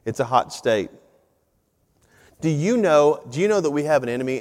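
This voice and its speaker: Man preaching in a reverberant hall. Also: mid-range voice. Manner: conversational, animated storytelling. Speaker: pastor. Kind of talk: sermon. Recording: long reverb of a large hall.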